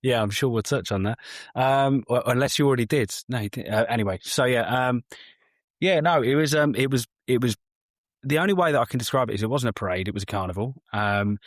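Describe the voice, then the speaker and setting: A man chatting as a podcast guest, rambling and halting, with lots of fillers. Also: medium pitch, no room sound, studio quality. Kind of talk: casual chat.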